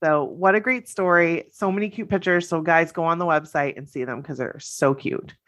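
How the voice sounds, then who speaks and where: A woman's voice: deep voice, moderate pace, a bit bright. A woman co-hosting a casual podcast, gushing and chatty as she reads out listener stories. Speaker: podcast co-host.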